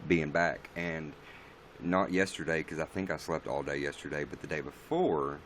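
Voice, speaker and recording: A man with a deep, low-pitched voice chats on a casual livestream and answers viewer comments as they come in. He rambles bluntly and swears freely. A faint hum of noise sits behind him. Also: normal speed, a bit bright.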